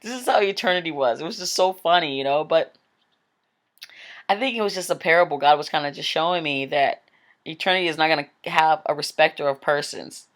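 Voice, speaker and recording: A woman giving a casual, rambling spoken testimony about a vision, full of "like" and "um". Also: low-pitched. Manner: chatty, rambling, with frequent "like" and "um". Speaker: Christian speaker telling a vision.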